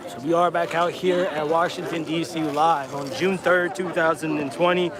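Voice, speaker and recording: A man's voice: a little high, fairly even intonation, moderate pace. A man livestreaming from a street protest on a handheld phone, chatting directly to his viewers. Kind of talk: casual livestream narration. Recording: noisy street protest with crowd.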